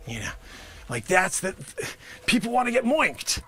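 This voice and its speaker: Manic, high, lively comedian man. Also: a little slow. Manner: manic, rambling, sarcastic, swings between loud outbursts and mutters. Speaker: host of a live improv comedy and music show. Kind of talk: improvised comedy bit, pitching a product to investors.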